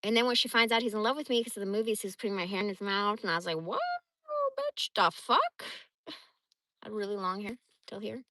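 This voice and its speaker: A woman in her forties telling stories from her life on a livestream, blunt, animated and full of swearing. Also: medium pitch, quick pace, no room sound. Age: 40s. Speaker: livestream host. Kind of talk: casual storytelling.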